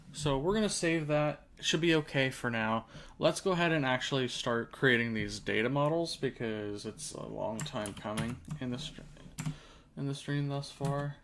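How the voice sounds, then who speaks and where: A man talks through his work at a slow, unhurried pace, thinking aloud step by step as he hosts a casual live coding stream from his desk. His voice sits at an ordinary middle pitch. Clear keyboard typing and clicks run under his speech. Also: fairly bright tone, a little hiss or hum. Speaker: developer hosting a coding livestream. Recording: audible keyboard typing behind.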